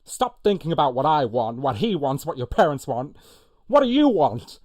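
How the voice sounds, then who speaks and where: A man voicing an emotional young woman demanding an answer, loud and raised. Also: fairly high pitch, sing-song, moderate pace, voice pushed up. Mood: impassioned. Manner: loud, raised, pleading delivery.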